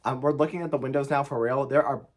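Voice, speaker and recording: A man's voice: medium pitch, fairly even intonation, fast. A young man tells a story to the camera in a casual, emphatic way, swearing often and filling with "like". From United States. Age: young adult. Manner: emphatic, profane, heavy on "like" fillers. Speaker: vlogger.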